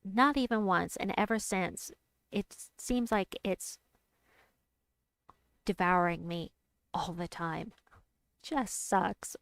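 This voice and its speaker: A young adult woman chatting casually while she plays a game, reading out and answering her chat and squealing with excitement at big moves. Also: mid-range voice, clear, resonant tone, no room sound. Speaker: game streamer. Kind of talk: casual gameplay commentary.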